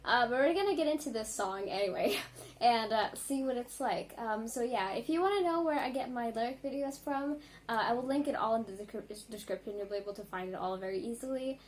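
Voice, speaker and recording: A woman vlogger reacting to music in a casual, rambling chat, full of ums and likes and quick apologies. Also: on the high side, a little hiss or hum.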